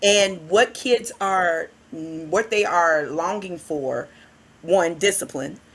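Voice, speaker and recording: Animated woman telling stories. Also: on the low side, slow pace, slightly rough. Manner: animated storyteller, acts out voices in quotes. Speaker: youth worker and guest. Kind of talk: casual podcast chat.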